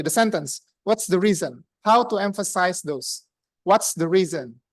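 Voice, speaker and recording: A woman's voice: medium pitch, dry recording. A woman with an Indonesian accent giving a grammarian report at a speaking club meeting, chatty and full of questions to the room. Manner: chatty, asks the room questions, many fillers. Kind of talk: interactive club speech.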